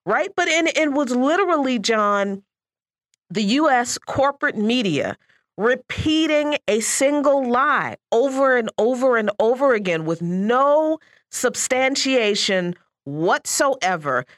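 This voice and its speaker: This woman co-hosts a political talk radio show with an animated, emphatic delivery. Her pitch moves widely and expressively. The recording is dry and close, with no room sound. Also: slow pace, dry recording. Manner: animated, emphatic, laughs mid-sentence.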